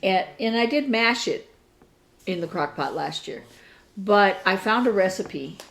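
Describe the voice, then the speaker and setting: A woman's voice: mid-range voice, expressive, measured pace, vocal fry, fairly bright tone, low-quality recording. A middle-aged woman co-hosting a crafting chat, rambling a little and hesitant as she recounts things. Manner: rambling, hesitant, with fillers and laughs. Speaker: crafting podcast co-host. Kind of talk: casual chat.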